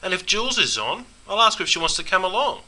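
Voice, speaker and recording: A man's voice: sits high, sing-song, quick pace, pushed and bright, heavily acted, rough recording. A man playing a laid-back Australian bloke watching cricket, with a broad slangy drawl and an Australian accent. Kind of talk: scripted comedy sketch.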